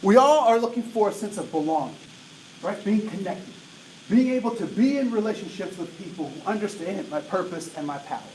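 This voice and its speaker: A man in his late forties giving an energetic diversity talk to an audience, often asking "right?" to check in with them. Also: sits high, brisk. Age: 40s. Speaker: diversity trainer. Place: large room with an audience. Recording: roomy echo, voice from a distance, faint noise.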